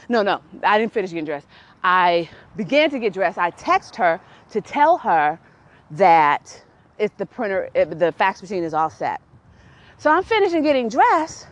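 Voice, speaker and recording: A young adult woman hosting a podcast, telling a story casually in an animated, exasperated way and laughing often. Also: fairly high pitch. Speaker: podcast host.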